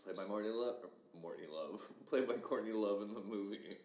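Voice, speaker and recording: A man's voice: lowish voice, moderate pace, darkish tone. A man from Kansas hosting a casual podcast chat, wry and teasing. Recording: roomy with faint noise.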